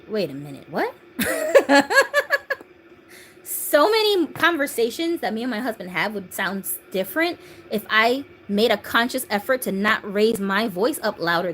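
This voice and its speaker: Woman in her thirties, host, lively fairly high voice, casual phone livestream with faint hiss. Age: 30s. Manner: animated, laughs often, reads viewer comments aloud. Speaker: doll channel host.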